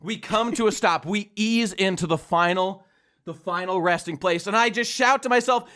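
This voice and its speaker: A man on a comedy podcast, telling a mock-patriotic story and breaking into shouted singing. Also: high voice, normal speed. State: hoarse from shouting. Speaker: podcast host.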